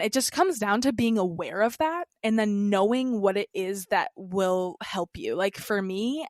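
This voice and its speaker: A young woman speaks as a podcast guest, rambling casually and leaning on filler words. Her voice sits at an ordinary pitch. The sound is close and dry. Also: no echo. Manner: rambling, heavy use of "like" fillers. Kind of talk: casual interview chat.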